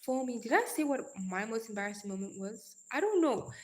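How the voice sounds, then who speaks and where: Young woman, live-stream host, energetic casual chat, affectionate pet names. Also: fairly high pitch, fairly quick. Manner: energetic, calls viewers darling and girl.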